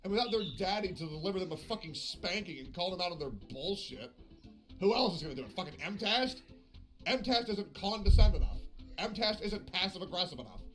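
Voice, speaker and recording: A man's voice: high-pitched, animated, fairly quick, fairly bright tone, soft background music. A man chatting on a live game stream, swearing often and slipping into passive-aggressive sarcasm. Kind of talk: casual live-stream chat.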